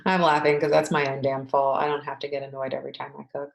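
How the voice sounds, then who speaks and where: A woman's voice: extremely low pitch, flat delivery, fast, vocal fry, few pauses. A woman, an EFT tapping coach, candidly talking through her own frustration in repeated tapping phrases. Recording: echoey room.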